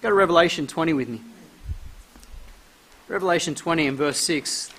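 Male preacher, high-pitched, emphatic sermon delivery, reads verses aloud. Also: moderate pace, fairly bright tone, husky. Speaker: pastor.

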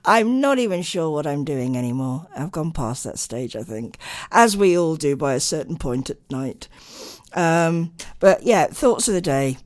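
A woman's voice: low voice, animated, unhurried, a little mellow, no room sound. A tired woman hosting late-night radio, chatting and rambling with lots of ums. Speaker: radio host.

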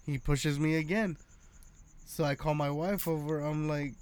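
Profane, animated male storyteller. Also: on the high side, a little slow, smooth. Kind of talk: casual chat.

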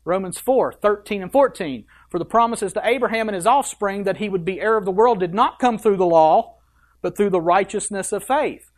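Pastor preaching, reads the verses out loud, emphatic, tosses in quick side comments. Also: medium pitch. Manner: emphatic, reads scripture aloud with quick asides. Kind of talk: sermon.

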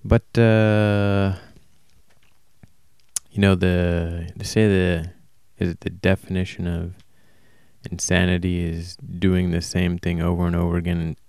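A man talking alone in a casual, rambling monologue, flat and self-described as monotone, often stopping to correct himself. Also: deep voice, unhurried, clear, resonant tone, no echo, clean studio sound. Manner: casual, swears. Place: warm indoor room.

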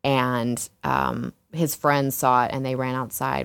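Frank low-voiced woman telling a story. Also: steady tone, normal speed, vocal fry, hardly any pauses, clear, resonant tone, no room sound. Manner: frank and profane, laughs often, lots of "like" and "you know". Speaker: exotic dancer, interview guest. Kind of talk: candid casual storytelling.

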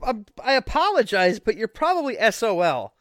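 A man with a high, smooth, resonant voice hosts a casual podcast chat. He jokes sarcastically and bursts out loud now and then. The sound is dry and close, with no room around it. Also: sing-song, normal speed, no room sound. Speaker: podcast host.

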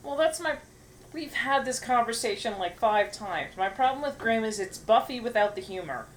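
A woman's voice: fairly high pitch, animated, moderate pace, a little hiss or hum, low-quality recording. A woman co-hosting a podcast in casual chat, blunt and sarcastic, swearing casually. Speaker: podcast co-host.

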